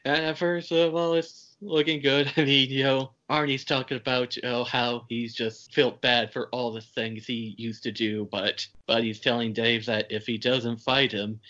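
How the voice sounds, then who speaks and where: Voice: mid-range voice, flat delivery, normal speed, few pauses, a bit bright. A podcast host recapping a movie in casual chat, laughing while retelling scenes. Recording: dull, lo-fi podcast audio.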